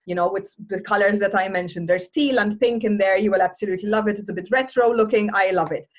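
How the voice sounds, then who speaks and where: A woman's voice: medium pitch, quick pace, highs cut off. A woman as an interview guest, speaking in an upbeat, encouraging, motivational way. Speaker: guest, online women's group founder.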